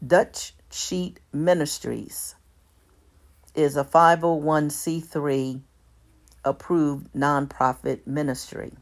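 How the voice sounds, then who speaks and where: Woman, low voice, unhurried document reader, steady and careful, with small self-corrections. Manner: reads out formatting marks like "all caps" and "lowercase"; measured, deliberate delivery with small self-corrections. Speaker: commentator. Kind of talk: reading a document aloud.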